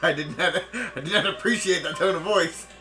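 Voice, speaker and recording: A man's voice: high-pitched, brisk, music in the background. A man playing in a tabletop game, laid-back and swearing casually. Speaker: player.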